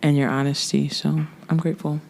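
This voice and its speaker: A woman's voice: deep voice, little pitch movement, fairly quick. Emotional woman podcast host. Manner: warm, emotional, grateful. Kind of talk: casual faith podcast chat.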